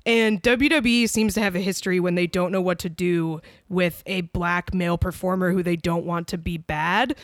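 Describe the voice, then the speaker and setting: A woman co-hosting a podcast in casual chat, talkative and quick to laugh, with lots of fillers. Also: on the low side, fairly even intonation, no echo, studio quality. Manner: chatty, laughs often, many fillers. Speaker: podcast co-host.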